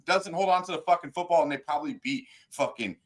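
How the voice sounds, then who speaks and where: A man co-hosting a sports radio show, arguing loudly and swearing constantly in a heated debate. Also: on the high side, fast. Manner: loud, profane, yelling. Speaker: co-host. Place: radio studio.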